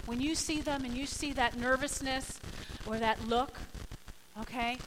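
A woman's voice: high-pitched, fairly even intonation, unhurried, background noise. A woman pastor giving a sermon in an emphatic, conversational way, acting out the people she quotes.

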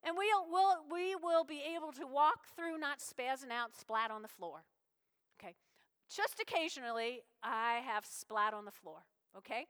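Animated high-voiced woman preaching. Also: unhurried, smooth, big-room sound. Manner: animated, folksy, acts out little voices. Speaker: pastor. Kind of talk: sermon.

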